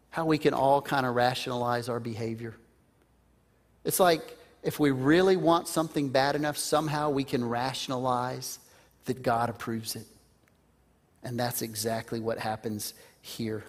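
A man's voice: medium pitch, normal speed. A man preaching a sermon in a conversational way, putting questions to the listeners. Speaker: pastor.

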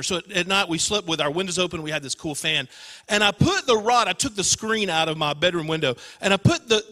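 A young man, a youth pastor, preaching a sermon in a church, telling a story in an animated, self-deprecating way. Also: sits high, long reverb tail. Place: church sanctuary.

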